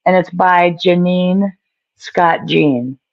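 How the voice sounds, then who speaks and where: Gravelly man rambling on a lo-fi call. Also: high voice, slow, dry recording. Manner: rambling, self-deprecating, trailing off. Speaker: guest author. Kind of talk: casual video call chat. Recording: dull lo-fi call audio.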